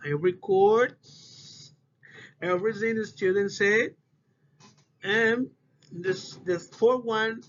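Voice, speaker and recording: A man giving a class presentation on word stress, in halting English that repeats words as he goes. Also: high voice, pushed and bright. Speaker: student presenter. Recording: dull lo-fi recording with faint noise.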